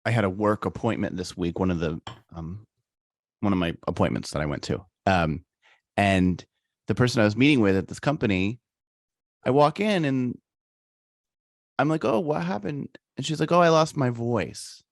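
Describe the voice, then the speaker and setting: A man's voice: on the low side, normal speed, pauses often, no echo, studio quality. A man co-hosting a podcast, chatting casually and venting with some annoyance. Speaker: podcast co-host. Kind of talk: casual chat.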